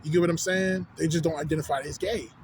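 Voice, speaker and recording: This vlogger, speaking quickly in a fairly high, steady voice with a Texan accent, delivers a rambling and profane rant on a city street. He keeps saying "you know what I'm saying." A little hiss or hum sits under the recording.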